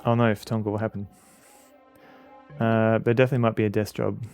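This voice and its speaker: Rambling Australian man with a gravelly voice. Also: on the low side, flat delivery, a little mellow, soft background music. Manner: halting, rambling, many fillers. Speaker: streamer. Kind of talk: casual commentary while playing a game.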